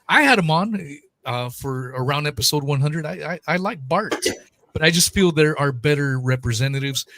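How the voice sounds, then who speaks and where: A man hosting a podcast over a video call, talking casually and hedging his opinions with pauses. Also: fairly high pitch, a bit bright, no echo. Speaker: podcast host.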